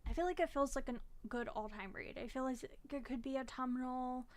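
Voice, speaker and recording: A woman's voice: high-pitched, brisk. A young woman vlogging about her reading, chatty and frank, with the occasional curse when she gets frustrated. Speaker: book vlogger. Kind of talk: casual chat.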